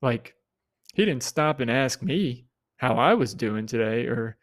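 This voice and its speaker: A man's voice: animated, a little slow, no echo, clean studio sound. A young man hosting a solo podcast in a rambling, casual way, with offhand swearing. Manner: rambling, swears casually, mimics people in high voices. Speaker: podcast host.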